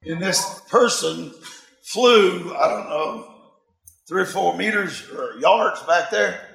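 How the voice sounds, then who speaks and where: A man in his sixties delivers a sermon as a story, animated and quick to laugh. His voice sits high and carries a gravelly edge. The sound rings in an echoey room. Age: 60s. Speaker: preacher.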